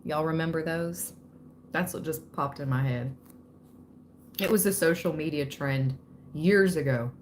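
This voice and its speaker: Slow, low-voiced woman reading live. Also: a little hiss or hum. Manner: chatty, laughs often, addresses viewers directly. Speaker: tarot reader hosting a livestream. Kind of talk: casual spiritual reading to a live chat.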